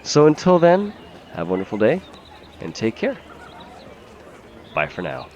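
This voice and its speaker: A man's voice: lowish voice, wildly swooping pitch, a little slow, a little mellow, lo-fi sound, a little hiss or hum. A man giving casual, chatty gameplay commentary as a let's play host, swearing freely and laughing easily.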